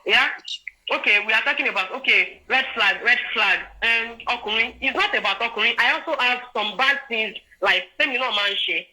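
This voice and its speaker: A woman's voice: on the high side, a little fast, poor audio. A woman in her twenties with a Nigerian accent, telling a personal story in a casual chat and often checking that her listeners follow. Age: 20s. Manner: animated, often checks in with "do you understand?". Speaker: guest sharing a personal story.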